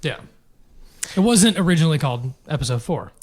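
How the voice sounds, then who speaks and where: Higher-voiced man explaining at length. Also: big pitch swings, a little fast, husky. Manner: explains at length, casual swearing. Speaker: podcast co-host. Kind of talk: casual chat.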